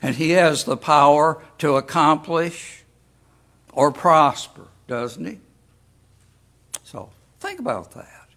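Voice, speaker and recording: A man preaching a sermon as pastor, deliberate and full of rhetorical questions to the congregation. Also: fairly high pitch, animated, a bit bright.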